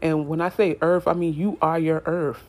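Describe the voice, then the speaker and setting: A woman's voice: low voice, little pitch movement, moderate pace, a little mellow. A young adult woman giving a casual tarot reading to her viewers, chatty and repetitive, talking straight to them as y'all. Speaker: tarot reader.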